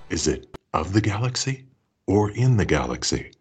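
A man's voice: deep voice, very animated, moderate pace, over music. A man co-hosting a podcast, moving between a comedy skit and a guest interview with dry, pedantic asides. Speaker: podcast co-host.

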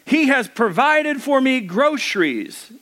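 A man voicing a devout elderly woman who calls out her praises in a high, drawn-out voice. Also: lively intonation, fairly bright tone, full character voice. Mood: overjoyed. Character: devout little old lady, elderly woman, joyful.

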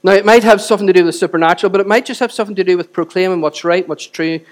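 A man preaching a sermon to a church congregation, swinging between loud exhortation and quiet, close moments, and often asking the audience rhetorical questions. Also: sits high, rapid-fire. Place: church service.

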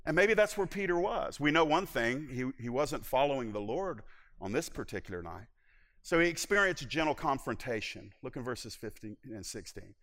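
A man's voice: medium pitch, lively intonation, moderate pace, fairly bright tone, big-room sound. A male pastor preaching a sermon, retelling a Bible story dramatically and acting out its voices.

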